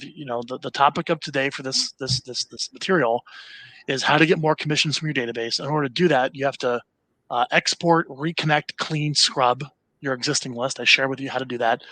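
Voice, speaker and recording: Bright-voiced man talking casually. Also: mid-range voice, dry recording. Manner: casual, filler-heavy, restarts phrases. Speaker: marketing company CEO, guest. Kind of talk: conversational interview, sample email read aloud.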